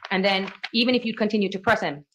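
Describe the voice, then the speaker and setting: Fast-talking woman questioning a witness. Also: medium pitch, a bit bright, slight background noise. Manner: brisk, leading questions punctuated by "okay" and "all right". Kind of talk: courtroom direct examination. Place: courtroom.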